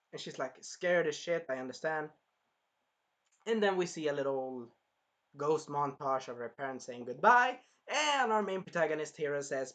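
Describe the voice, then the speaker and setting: A man giving a casual, excitable anime review, swearing freely along the way. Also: fairly high pitch, moderate pace.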